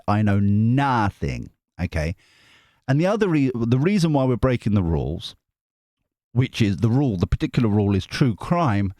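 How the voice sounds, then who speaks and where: Rambling, lively man. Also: medium pitch, no echo. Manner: rambling, jokey, self-interrupting. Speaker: tarot reader and channel host. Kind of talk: casual chat to camera.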